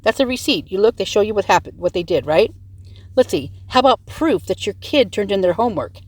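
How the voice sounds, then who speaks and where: Animated and brisk, this vlogger has a medium-pitched, slightly mellow voice with no echo. She fires rhetorical questions at her audience during a heated commentary rant, speaking close to her tablet's mic.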